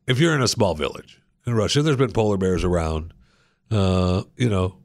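A male talk-radio host rambles through the day's odd stories in a loose, joking way, circling back to the same lines. His voice has a gravelly, fried edge, and the sound is dry and close with no room around it. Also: deep voice, animated, normal speed, a little mellow, no room sound. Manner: chatty, joking, repeats himself. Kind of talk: casual talk radio monologue.

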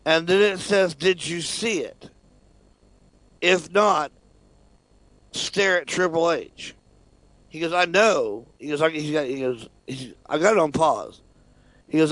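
A man's voice: a little high, slow, pauses often, dry recording. A man co-hosting a casual radio talk show, telling a story with lots of laughter and swearing. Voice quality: animated, swearing, laughs often.

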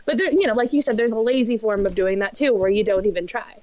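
A woman co-hosting a casual sports podcast, conversational and measured. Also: on the high side, darkish tone, dry recording. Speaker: podcast co-host. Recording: dry, dull lo-fi sound.

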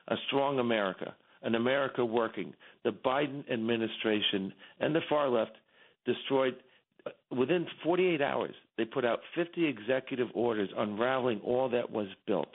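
A man's voice: medium pitch, normal speed. A middle-aged man calling in as a radio guest, giving fervent, repetitive political commentary with many restarts, heard over a phone line.

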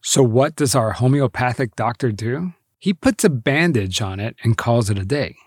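A man's voice: mid-range voice, expressive, normal speed, slightly rough, dry recording, studio quality. A man hosting and narrating a documentary, with a wry, incredulous delivery. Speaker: host.

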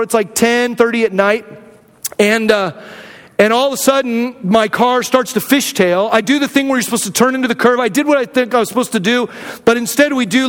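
An earnest male pastor from Arizona tells a personal story during his sermon. He talks in a candid, conversational way, full of restarts. His voice sits high, and a long reverb trails behind each phrase as in a large hall. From Arizona, USA.

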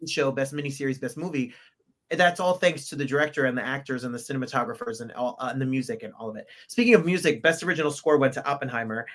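A man's voice: medium pitch, fast talker, a bit bright. A man from England with a put-on American accent co-hosts a casual podcast chat. He is playful and theatrical, tossing in silly asides and mock-dramatic words. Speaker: podcast co-host.

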